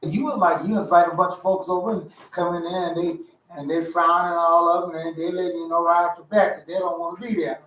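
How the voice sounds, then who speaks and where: Teaching a Bible study in a homey, chatty style, this Torah study leader goes over his points more than once. His high, fairly bright voice stays fairly even, moving a little fast with hardly any pauses, captured by a far-off mic in a roomy space.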